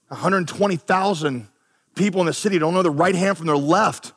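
A man preaching a sermon as pastor, animated, acting out quoted voices with big swings in pitch. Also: brisk, breathy edge, long reverb tail.

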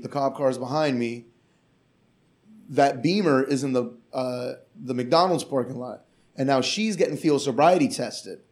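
A man who works as a comedian, telling a long story in casual, profane, rambling podcast chat. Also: mid-range voice. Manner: profane, rambling, animated retelling.

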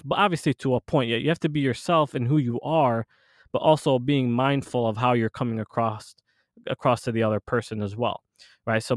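A man's voice: mid-range voice, dry recording, studio quality. A man hosting a podcast in casual chat, rambling with many restarts and fillers. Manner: rambling, full of restarts and "you know". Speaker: podcast host.

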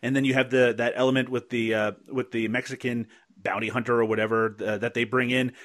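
A man's voice: medium pitch, flat delivery, quick pace, fairly bright tone. A man hosting a film podcast, laying out his arguments with some hesitation. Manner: analytical, building points with hesitations. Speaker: podcast host. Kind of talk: casual film-review chat.

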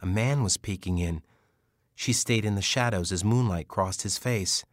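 A male narrator reads a novel in a measured, even way. His voice sits on the low side. The recording is dry and close, with no room sound. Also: no echo. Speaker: audiobook narrator. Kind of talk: scripted narration.

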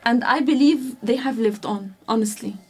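A woman from Egypt, a podcast guest, talking in an animated way and laughing easily. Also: fairly high pitch, moderate pace, husky. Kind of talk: casual interview chat.

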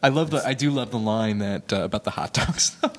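A man's voice: fairly low pitch, expressive, brisk, no room sound. A man co-hosting a casual film review chat, mostly agreeing and chuckling. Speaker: podcast co-host.

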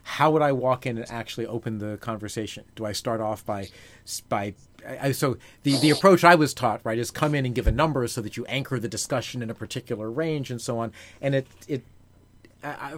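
A man hosting an interview, asking long questions that he reworks and restarts as he goes. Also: medium pitch. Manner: rambling, self-correcting questions. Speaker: podcast host.

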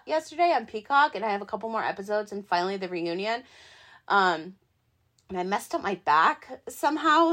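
Woman podcast host, casual solo talk, excitable, rambling, lots of um and like. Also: mid-range voice. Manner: chatty, excitable, rambling with many fillers. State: hiccups.

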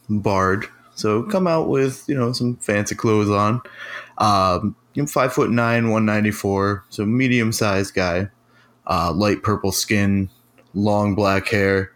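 Jogador hesitante e lento. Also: male voice, on the low side. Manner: hesitant, with fillers. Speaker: player. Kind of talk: tabletop game play.

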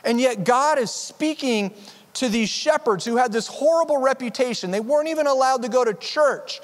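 A man's voice: very high voice, moderate pace, in a large hall. A pastor preaching a sermon in an earnest, conversational way, often restarting his sentences. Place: church sanctuary.

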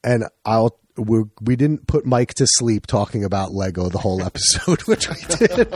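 A man hosting a podcast, chatting casually with friends in an animated, profane, rambling way. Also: fairly low pitch, moderate pace, slightly rough, dry recording, studio quality. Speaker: podcast host.

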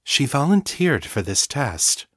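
A man's voice: mid-range voice, sing-song, a bit bright, husky, no echo, pitched above the performer's own voice, heavily acted. A serene hive mind of hundreds of psychics , voiced by a male narrator, speaks mildly and formally in an audiobook. The voice sits a little above the narrator's own and is recorded dry and close. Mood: measured. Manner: mild, measured, formal. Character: calm collective hive mind of many psychics.

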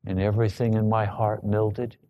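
A man preaching a sermon, telling a personal story with emotion that rises to loud pleading. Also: lowish voice, little pitch movement, moderate pace, lo-fi sound, a little hiss or hum. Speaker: pastor.

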